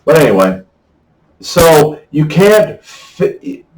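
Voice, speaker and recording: A man's voice: fairly high pitch, very animated, slow, a little mellow, far from the mic. A man giving a casual, rambling Bible talk to camera in a folksy way, often checking in with "okay?". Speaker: faith vlogger. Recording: echoey room, voice off-mic.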